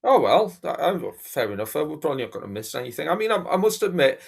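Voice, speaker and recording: A man's voice: on the high side, big pitch swings, quick pace, vocal fry, husky. A man speaking as a guest in a casual chat, earnest and rambling with restarts.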